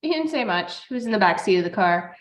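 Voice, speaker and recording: A woman's voice: mid-range voice, lively intonation, fast. A woman co-hosting a parenting podcast, a mother chatting casually and telling stories about her son. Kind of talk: casual conversational chat. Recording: roomy echoey room.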